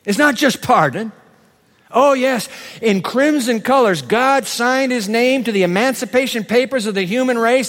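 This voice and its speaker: A man preaches to his congregation with a fairly high voice. He moves between big, slow proclamations and quiet, rapid asides. His words ring out with long reverb in a church sanctuary. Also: expressive. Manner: dramatic swings between loud proclamation and hushed asides. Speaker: pastor. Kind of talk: sermon.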